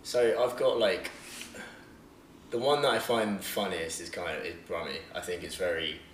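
A man's voice: sits low, fairly even intonation, moderate pace. A man from southern England chatting casually as a podcast host at home, rambling and swearing freely. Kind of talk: casual chat. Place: living room of a home. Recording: roomy home recording with faint hiss.

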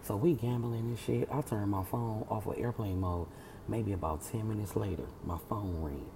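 A woman telling a story from work in an animated, slangy, swear-heavy casual chat. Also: extremely low pitch, normal speed, vocal fry, background noise.

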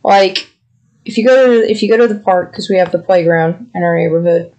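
A man's voice: high voice, fairly quick, darkish tone. A man co-hosting a podcast, chatting casually and rambling affectionately. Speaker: podcast co-host. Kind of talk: casual chat.

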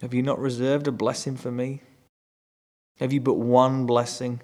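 A man's voice: medium pitch, little pitch movement, normal speed, a little mellow. A man teaching through a Bible chapter, reading verses aloud and explaining them in a conversational way. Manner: conversational, rereads verses with rising emphasis.

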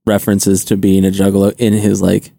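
A man's voice: low-pitched, completely flat delivery, brisk, vocal fry, warm tone. A man on a podcast, laid-back in casual banter and tossing in dry quips.

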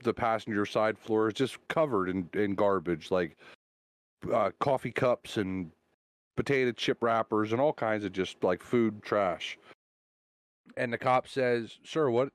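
A man's voice: lowish voice, no echo. A man co-hosting a casual podcast, telling long jokes with loose, rambling delivery. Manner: drawn-out joke telling with character voices. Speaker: podcast co-host.

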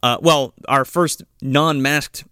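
A man co-hosting a casual film podcast, quick and jokey, sliding into playful voices now and then. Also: mid-range voice, steady tone, pushed and bright, clean tone, dry recording, clean studio sound.

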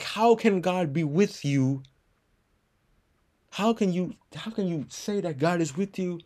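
A man delivers a podcast sermon in a somewhat high voice. He builds passion as he goes and repeats his key lines for emphasis. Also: warm tone. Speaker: preacher.

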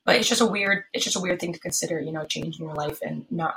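A woman's voice: low voice, fast talker, creaky, a bit bright, poor audio. A young woman in her twenties hosting a casual solo podcast, talking in a rambling, tired way, full of fillers and restarts, from her apartment. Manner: tired, yawning. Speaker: podcast host. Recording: faint background noise, pen clicks.

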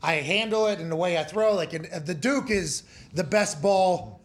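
A man hosting a sports talk show, asking long, rambling, energetic questions. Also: high-pitched, normal speed. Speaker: host.

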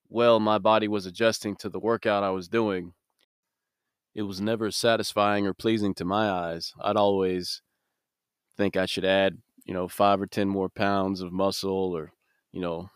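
A man delivers a short devotional sermon on his own podcast. His voice sits low and resonant, and he talks earnestly, like he is chatting with a friend. The sound is close and dry. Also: clear, resonant tone, dry recording. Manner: earnest, conversational preaching with prayer. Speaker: podcast host.

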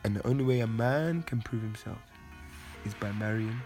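A man's voice: lowish voice, moderate pace, music in the background. A man hosting a podcast, ranting in a preachy, profane, emphatic way. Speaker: podcast host. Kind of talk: casual podcast chat.

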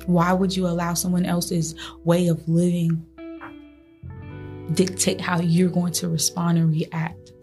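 A woman's voice: fairly low pitch, completely flat delivery, a little slow, dark tone, faint music behind. A woman hosting a motivational faith podcast, speaking earnestly and encouragingly to her listeners, often breaking into laughter. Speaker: podcast host.

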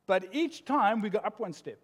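Older male pastor, fairly high voice, animated sermon storyteller who laughs at his own jokes. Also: moderate pace. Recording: long hall reverb.

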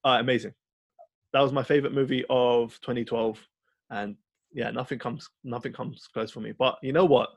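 A man co-hosting a podcast, chatting casually and rambling through an animated story with lots of fillers. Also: medium pitch, normal speed, dry recording, highs cut off. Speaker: podcast co-host. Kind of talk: casual film chat.

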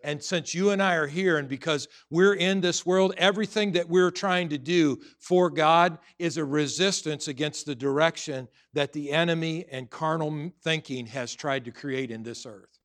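A man's voice: fairly high pitch, normal speed, few pauses, fairly bright tone. A middle-aged man preaching a sermon as pastor, telling personal stories earnestly with frequent restarts and building to emphatic exhortation.

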